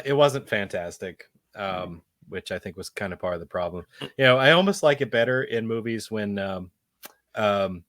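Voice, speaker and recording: A man's voice: lowish voice, a bit bright, no echo, studio quality. A man hosting a casual movie review podcast, rambling with many ums and casual swearing. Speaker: podcast host.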